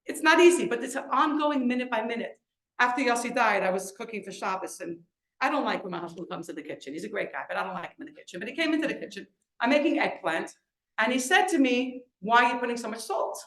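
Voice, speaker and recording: A middle-aged woman, an author and lecturer, giving an inspirational storytelling talk, acting out quoted voices with big leaps in pitch. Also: lively intonation, fast, a bit bright, reverberant. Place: lecture event in a room.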